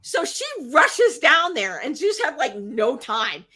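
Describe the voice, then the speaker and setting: A woman co-hosting a podcast, retelling myths in a casual, animated way and acting out the characters. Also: high voice, slow pace, slightly rough. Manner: animated retelling with acted-out voices. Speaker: podcast co-host. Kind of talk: casual storytelling.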